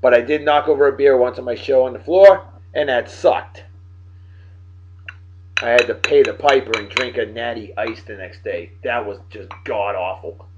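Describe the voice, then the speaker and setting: A man hosting a casual show, giving boisterous, jokey shout-outs full of slang. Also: mid-range voice, normal speed, noisy background. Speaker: host. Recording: dull lo-fi sound with faint music.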